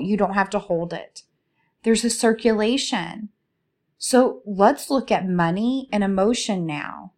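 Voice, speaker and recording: A woman speaking as a spiritual coach in a slow, soothing, inviting way, asking many reflective questions. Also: medium pitch, a little mellow. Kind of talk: reflective guided talk.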